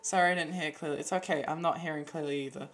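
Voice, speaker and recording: A woman's voice: low voice, steady tone, fast talker, slight background noise. A woman streamer in casual chat, sounding tired, swearing freely and breaking off into restarts.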